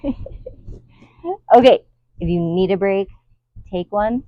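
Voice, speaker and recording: Lady coaching a workout outside, counts reps slow, lil laughs, kinda muffled. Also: mid-range voice, no echo. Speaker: fitness instructor. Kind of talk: guided workout instruction. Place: outdoors in the wind.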